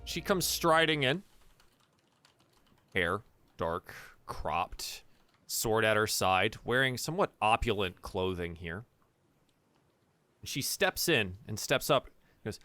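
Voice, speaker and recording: A man's voice: fairly low pitch, sing-song, slow pace, pauses often, pushed and bright, no room sound. A man narrating a tabletop game as dungeon master, casual and full of fillers.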